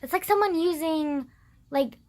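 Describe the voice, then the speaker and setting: A woman's voice: extremely high pitch, measured pace. A young woman ranting casually into the camera, exasperated and sarcastic, filling her speech with "like" and the odd swear. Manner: mocks others in exaggerated put-on voices. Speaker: vlogger. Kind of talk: casual rant.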